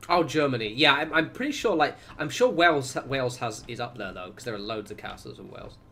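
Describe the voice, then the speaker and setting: A man's voice: medium pitch, animated, fairly quick, pushed and bright. A man from Southwest England with a Southern English accent, chatting casually and rambling on a gameplay livestream, swearing now and then and reacting aloud. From England (Wiltshire, Southwest). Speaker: game streamer.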